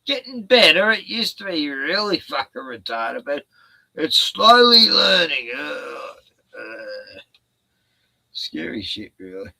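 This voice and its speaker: A man's voice: fairly high pitch, sing-song, slow pace, creaky, bright, forceful tone, no echo, low-quality recording. A man, chatting casually on a stream, laid-back, swearing often and laughing a lot. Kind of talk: casual chat.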